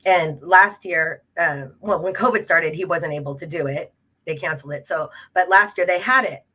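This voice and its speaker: A woman's voice: on the low side, normal speed. A woman, a local progressive club president, telling a campaign story casually, with many fillers and acted-out quotes. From Los Angeles area, California. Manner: animated, many fillers, acts out quoted exchanges. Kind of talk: casual storytelling on a web talk show.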